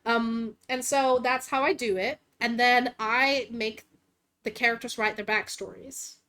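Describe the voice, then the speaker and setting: A woman's voice: a little high, steady tone, unhurried, a bit bright. A woman hosting a casual chat, rambling about her game world with many fillers and restarts. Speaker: vtuber host and game master.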